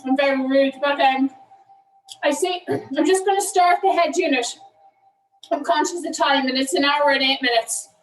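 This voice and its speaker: An Irish cycling coach leads an online indoor cycling class while eating, talking with food in her mouth and apologizing for it. Her voice is high, and she's recorded from a distance, away from the mic in an echoey room.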